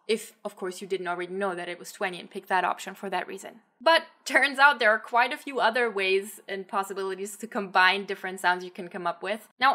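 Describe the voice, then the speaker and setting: A woman explaining pronunciation to camera as a language teacher, clear and patient, saying example words slowly. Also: medium pitch, sharp tone.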